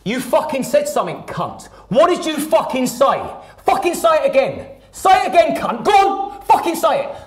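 A man putting on the voice of a cruel, aggressive father, shouting and jeering. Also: very high-pitched, big pitch swings, normal speed, hardly any pauses, echoey room, pitched above the performer's own voice. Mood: menacing. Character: menacing abusive father, grown man, cruel.

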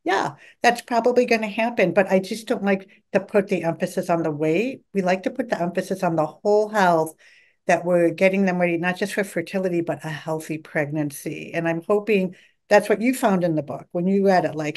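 A woman's voice: lowish voice, brisk. A middle-aged woman dietitian, a podcast guest, talking eagerly and acting out her patients' words. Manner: enthusiastic, talkative, quotes patients in lively voices. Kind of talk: podcast interview.

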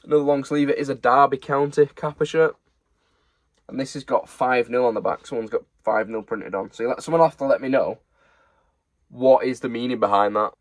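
A man's voice: mid-range voice, steady tone, a little fast, no echo. A young man, casually showing off secondhand football shirts he is reselling, in a chatty, rambling way. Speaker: online reseller. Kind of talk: casual haul chat.

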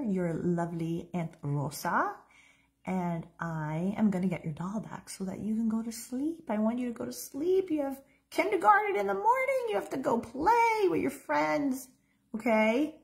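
Woman playing a gentle, soothing mother. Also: medium pitch, lively intonation, takes it slowly. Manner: soft, soothing, reassuring. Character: gentle, nurturing mother comforting her child.

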